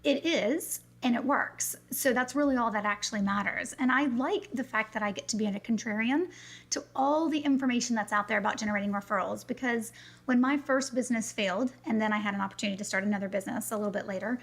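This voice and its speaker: A middle-aged woman from South Carolina speaks with a mostly smoothed-out Southern accent. She talks fast and energetically in a bright, upbeat way. Her voice sits a bit high for a woman. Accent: mild Southern, mostly neutralized. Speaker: guest, business coach. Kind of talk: fast-paced interview talk.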